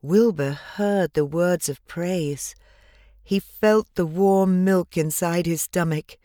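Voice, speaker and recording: A woman reads a children's storybook aloud, slow and gentle, in a fairly low voice. The recording is dry and close, with no room around her. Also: no echo. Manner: measured, gentle, expressive. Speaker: audiobook narrator. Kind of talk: scripted storybook narration.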